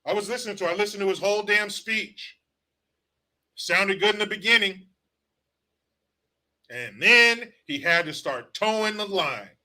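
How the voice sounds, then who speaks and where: Bright, high-voiced ranting man. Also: unhurried, pauses often. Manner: blunt, profane, sarcastic. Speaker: political commentary host. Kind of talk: ranting political commentary.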